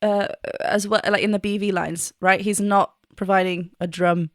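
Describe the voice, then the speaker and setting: A woman's voice: mid-range voice, level tone, normal speed, no echo, studio quality. A woman vocal coach chatting enthusiastically as she reacts to a song and explains singing technique. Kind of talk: casual reaction and vocal analysis.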